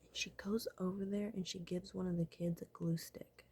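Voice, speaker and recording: A woman's voice: lowish voice, flat delivery, moderate pace, dark tone, husky. A woman telling a dream in a casual vlog, rambling and swearing, often dropping to a whisper.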